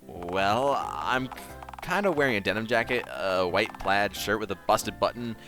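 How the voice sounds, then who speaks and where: A man voicing a timid male hotline worker who talks quietly and stammers. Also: on the low side, lively intonation, normal speed, over music. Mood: meek.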